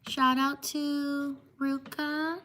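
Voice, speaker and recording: A woman hosting a livestream, reading out viewers' names slowly and apologizing when she might have mispronounced them. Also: high-pitched, little pitch movement, a little hiss or hum. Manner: slow, apologetic, drawn-out shout-outs. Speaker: livestream host. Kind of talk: livestream shout-outs.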